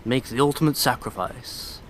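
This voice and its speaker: A man's voice: mid-range voice, normal speed, slight background noise. Sarcastic male game commentator. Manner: sarcastic, irreverent, mocking asides. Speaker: let's play commentator. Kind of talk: casual gameplay commentary.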